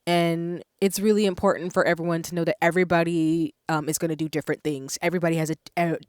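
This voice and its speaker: A woman's voice: fairly low pitch, steady tone, fast talker, smooth, no room sound, studio quality. A woman hosting a live-streamed panel, thanking people at length with lots of "um"s as she moderates. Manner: warm, effusive thanks, many fillers. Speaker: panel host.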